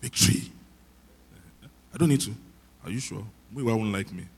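A man preaches in a deep, low voice. He teaches softly and conversationally rather than shouting, and jokes about himself along the way. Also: fast, gravelly, husky. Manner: soft-spoken, conversational teaching, self-deprecating humor. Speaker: pastor. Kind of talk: sermon.

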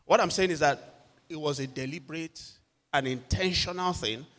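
A man's voice: on the high side, moderate pace. A man preaching a sermon, telling personal stories and acting out what people said. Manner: animated storyteller acting out quotes. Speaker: pastor. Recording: long hall reverb.

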